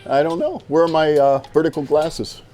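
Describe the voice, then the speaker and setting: A man's voice: a little high, moderate pace, warm tone, soft background music. A man co-hosting a casual livestream, playful, calling out auction bids. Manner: playful, auctioneer-style calls. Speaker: livestream co-host.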